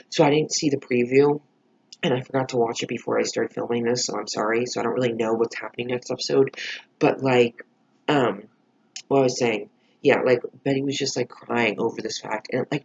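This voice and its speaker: A man's voice: mid-range voice, vocal fry, breathy edge, muffled recording. A man reviewing a TV episode in a casual vlog, rambling with lots of "like" and frequent swearing.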